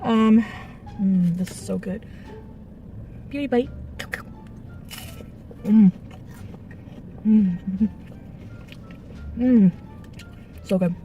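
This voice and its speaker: A woman's voice: mid-range voice, dark tone. A woman in her thirties telling a casual storytime from her parked car, chatty and laughing often, stopping to eat between sentences. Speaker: vlogger.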